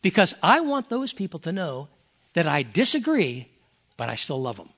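Older man, pastor, sermon, high pitch, earnest, folksy. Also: huge pitch swings, moderate pace, a bit bright. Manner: earnest, folksy, reads scripture aloud with emphasis. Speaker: pastor emeritus.

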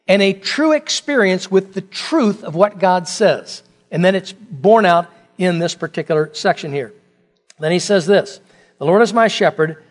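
A middle-aged man preaching a sermon as pastor, talking conversationally with rhetorical questions and joking asides. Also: high-pitched.

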